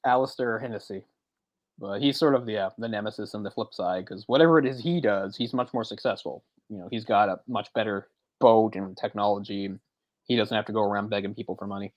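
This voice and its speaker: A man's voice: lowish voice, fairly quick, no room sound. A man chatting casually on a movie discussion podcast, retelling scenes in a rambling way with frequent restarts and chuckles. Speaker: podcast co-host.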